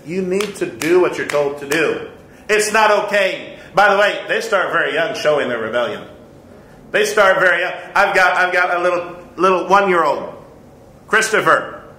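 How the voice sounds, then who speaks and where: Man, 30s, Sunday school teacher; bright voice, slightly high, echoey church room. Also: lively intonation, normal speed. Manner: earnest, repeats points, chuckles at himself. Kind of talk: conversational Bible lesson.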